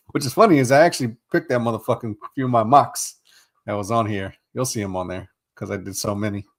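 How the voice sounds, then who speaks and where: A man's voice: mid-range voice, a little fast. A man hosting a casual sports podcast, rambling and swearing as he rants in exasperation. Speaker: podcast host.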